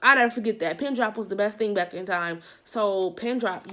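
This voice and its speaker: Woman vlogger, casual storytime delivery, emphatic repeats, mid-pitched voice. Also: normal speed. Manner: animated, repeating phrases for emphasis; heavy use of "like" as a filler.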